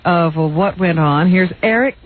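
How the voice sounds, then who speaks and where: A woman's voice: lowish voice, a little slow, slight background noise. A woman co-hosting a radio show, reading the news in a chatty, giggly way. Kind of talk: casual news reading and banter. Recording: lo-fi phone-like radio recording.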